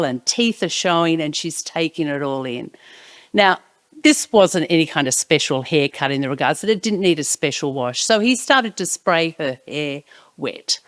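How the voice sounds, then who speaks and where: A woman narrating a personal anecdote in an expressive way, sometimes dropping to hushed tones. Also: sits low, no room sound. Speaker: storyteller.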